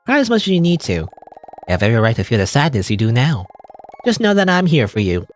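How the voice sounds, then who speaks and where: A man voicing a kind young woman in a game who calms and reassures a friend. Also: medium pitch, fast talker, soft background music. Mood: soothing. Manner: soothing, reassuring.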